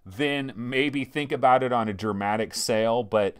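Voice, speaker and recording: A man's voice: mid-range voice, moderate pace, hardly any pauses, clean tone. A man hosting a VR game show, giving a casual, slangy and ranting game review.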